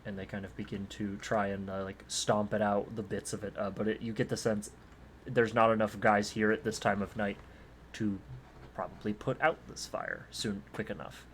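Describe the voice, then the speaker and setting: Lowish-voiced man running a tabletop game. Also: fairly even intonation, moderate pace, a little hiss or hum. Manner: rambling with many fillers. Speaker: game master.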